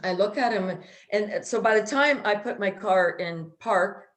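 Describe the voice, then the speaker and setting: A woman's voice: mid-range voice, moderate pace, fairly bright tone, roomy sound. A woman co-hosting a casual chat who rants bluntly and swears freely. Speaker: co-host.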